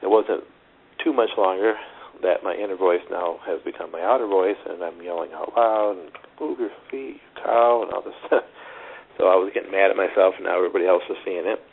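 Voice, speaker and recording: Middle-aged male tennis coach, earnest and rambling, very low gravelly voice, tinny phone line with faint hiss. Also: fairly even intonation, brisk. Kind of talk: storytelling in a phone interview.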